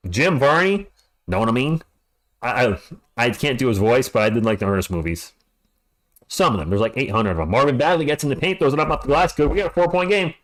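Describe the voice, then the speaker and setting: Middle-aged man, live play-by-play streamer, jokey banter, lively swinging pitch, mid-range voice. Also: fast talker. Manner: animated, jokey, chatty.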